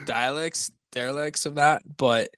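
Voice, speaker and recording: A man's voice: mid-range voice, fairly even intonation, unhurried, a bit bright, smooth, dry recording, low-quality recording. A man co-hosting a casual podcast, rambling and correcting himself as he talks through his picks. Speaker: podcast co-host. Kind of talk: casual sports-betting chat.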